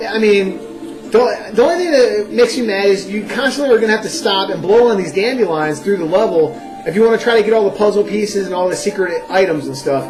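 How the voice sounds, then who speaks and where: A young man giving a casual, animated first-impressions game review, full of "you know" and "like.". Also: high-pitched, brisk, over music, low-quality recording. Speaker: video game vlogger.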